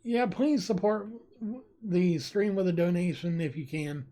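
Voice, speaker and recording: Live streamer, slow unhurried delivery, mid-pitched, laughs often while reading chat. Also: animated, warm tone. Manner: giggly, reacts with frequent laughter.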